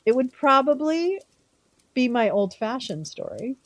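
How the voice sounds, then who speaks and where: A woman's voice: fairly high pitch, lively intonation, a little slow, no room sound. Chatty teasing woman streamer. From California. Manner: rambling, teasing, answering chat by name. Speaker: live stream host. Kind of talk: casual chat with viewers.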